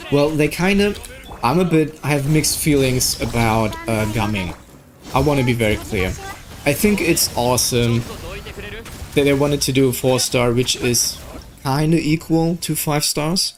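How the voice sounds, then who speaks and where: A young man from Germany with a German accent, giving casual gameplay commentary, excitable and swearing at the game. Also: medium pitch, a little slow, soft background music. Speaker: gaming streamer.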